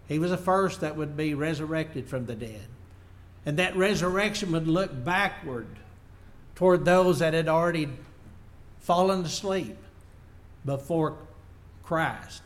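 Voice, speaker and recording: A man preaching a sermon, reading Bible verses aloud and then explaining them in plain words. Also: a little high. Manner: unpolished, working slides as he goes.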